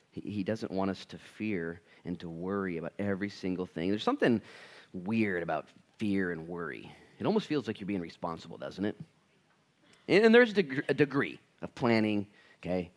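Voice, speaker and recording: A man in his thirties preaching a conversational, jokey sermon to his congregation. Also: low-pitched. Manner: animated, acts out voices in quotes. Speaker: pastor.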